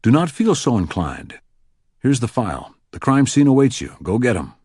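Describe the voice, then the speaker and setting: A man voicing a gruff, sarcastic FBI supervisor in an audiobook, brisk and clipped. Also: mid-range voice, sing-song, darkish tone, no room sound, clean studio sound, pitched above the performer's own voice. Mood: sardonic. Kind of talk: audiobook character voice.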